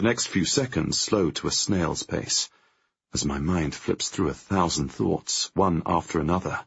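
Gravelly, husky man narrating an audiobook. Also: low-pitched. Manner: tense, measured storytelling. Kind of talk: first-person audiobook narration. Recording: dry, dull lo-fi audio.

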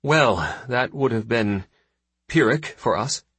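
A man voicing a confident woman fleet admiral who talks in a brisk, commanding way. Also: medium pitch, a bit bright, breathy edge, dry recording, pitched above the performer's own voice.

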